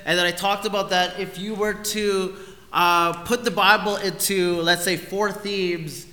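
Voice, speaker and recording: A man's voice: sits high, fairly even intonation, measured pace, pushed and bright, in a large hall. A man in his thirties giving a casual, rambling sermon at a church, full of fillers, on a handheld mic. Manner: chatty, rambling, full of likes and ums. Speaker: guest preacher. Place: church hall.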